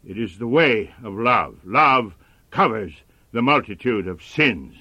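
A man preaching a sermon in a measured, earnest manner. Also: medium pitch, expressive, sharp tone, no room sound, dull audio.

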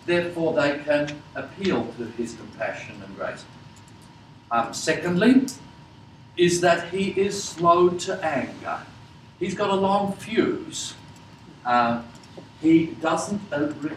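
Man leading a bible class slow and thoughtful, lots of ums, far off in an echoey room with some hum. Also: fairly high pitch. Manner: slow, questioning, many fillers. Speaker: Bible teacher.

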